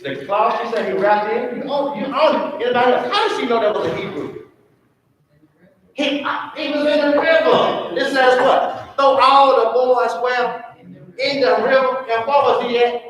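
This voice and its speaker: Man, high voice, teaching a church Bible class; echoey room, distant mic. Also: normal speed, a bit bright. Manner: call-and-response questioning. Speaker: Sunday school teacher.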